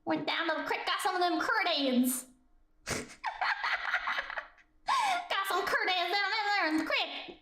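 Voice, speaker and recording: A woman voicing a rowdy hillbilly storyteller in a put-on Southern US hillbilly accent, with a high, squeaky twang and a drawl. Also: measured pace, long pauses, bright, forceful tone, roomy sound, exaggerated voice. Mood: gleeful. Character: rowdy hillbilly yarn-spinner, squeaky and excitable.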